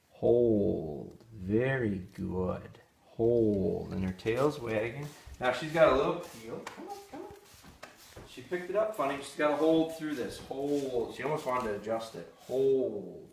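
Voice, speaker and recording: A man running a live dog training demonstration, giving short firm commands to his dog between explanations. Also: mid-range voice. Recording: distant mic, roomy echo, faint noise.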